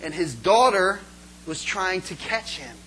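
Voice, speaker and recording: Passionate man preaching, bright voice. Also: high voice, animated, a little slow, a little hiss or hum, poor audio. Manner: passionate, swinging from soft asides to loud pleading. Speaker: pastor. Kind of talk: sermon.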